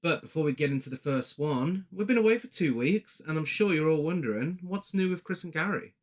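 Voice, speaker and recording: A man's voice: fairly high pitch, lively intonation, brisk. A man co-hosting a film podcast in casual, playful chat with joking asides. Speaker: podcast co-host.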